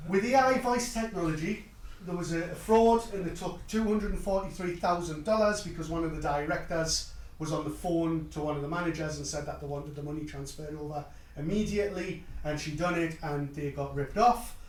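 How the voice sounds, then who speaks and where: Brief: Geordie man presenting at a tech event, emphatic and punchy, fairly high voice, picked up from a distance. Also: normal speed, darkish tone. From North East England. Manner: emphatic, punchy short sentences to the audience. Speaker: tech conference speaker. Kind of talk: live presentation. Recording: echoey hall, mic heard from afar.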